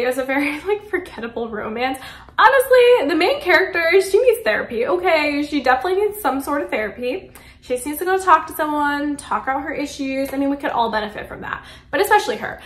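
A woman's voice: high voice, fairly bright tone, echoey room. A woman chatting casually through a monthly book wrap-up at home, gushing and saying "like" a lot. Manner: chatty, gushing, heavy use of "like". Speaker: book reviewer. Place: room at home during a power cut, daylight fading.

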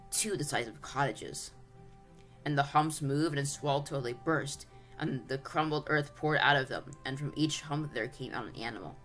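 Brief: channel reader narrating a storybook, mid-pitched, soft music under. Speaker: audiobook reader. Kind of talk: storybook read-aloud narration.

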